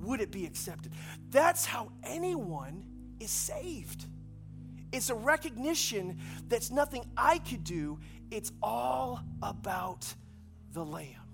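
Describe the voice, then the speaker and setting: A man's voice: very high-pitched, sing-song, slow pace, creaky, music in the background. A male pastor preaching a conversational sermon, repeating key phrases for emphasis.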